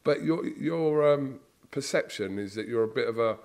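A man's voice: mid-range voice, expressive, moderate pace, gravelly, darkish tone. A young English man hosting a casual chat, patiently and earnestly explaining things. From England.

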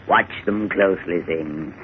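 A man's voice: low voice, measured pace, loud music behind the voice. A man playing a cruel, smug smuggler boss in a 1940s radio drama, sneering and gloating. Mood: menacing. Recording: tinny old radio recording with faint hiss.

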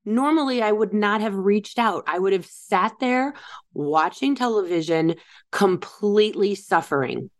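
A woman's voice: mid-range voice, lively intonation, measured pace. A middle-aged woman talking candidly and reflectively about her own parenting, correcting herself as she goes and asking rhetorical questions. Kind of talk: reflective personal monologue.

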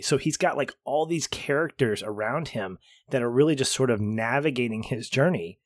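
A man in a casual film review chat, working through his thoughts at length and circling back on phrases. His voice sits at a middle pitch. The sound is close and dry, with no room around it. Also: no room sound. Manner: thoughtful, builds points at length with repeats. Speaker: podcast co-host.

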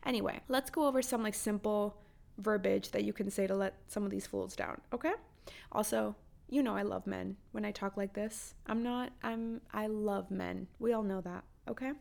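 A young woman hosts a podcast, handing out blunt dating advice in casual chat while swearing freely and firing off emphatic rhetorical questions. Her mid-range voice is steady in tone, creaky, a little mellow, and moves at a normal speed.

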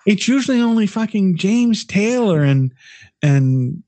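A man's voice: fairly high pitch, expressive, normal speed, no room sound. A man co-hosting a podcast in casual, profane, rambling chat, often laughing. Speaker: podcast co-host.

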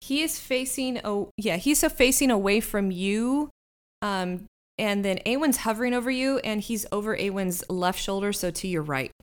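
A woman's voice: medium pitch, moderate pace, clean tone. A woman narrating a tabletop game as game master, describing scenes unhurriedly with fillers.

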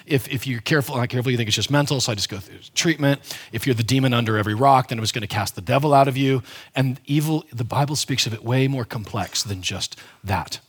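A man delivers a sermon in a relaxed, conversational way, leaning hard on key words and often restarting mid-sentence. His voice sits at an ordinary middle pitch with a slightly husky, breathy edge. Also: fast. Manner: conversational, emphatic preaching with frequent restarts. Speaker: pastor.

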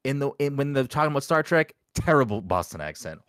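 A man's voice: medium pitch, sing-song, fast, a bit bright, no echo, studio quality. A man co-hosting a casual podcast chat, blunt and emphatic, swearing freely. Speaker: podcast co-host.

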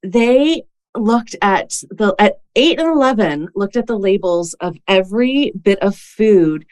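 Woman, podcast host, chatty storyteller, lots of fillers, mid-range pitch. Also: lively intonation, unhurried, darkish tone. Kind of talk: casual conversational interview.

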